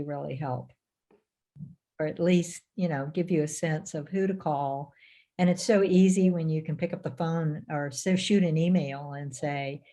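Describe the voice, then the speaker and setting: A woman's voice: fairly low pitch, a little mellow. A woman hosting a roundtable call, speaking casually and encouragingly, laughing easily. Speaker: host of the roundtable calls.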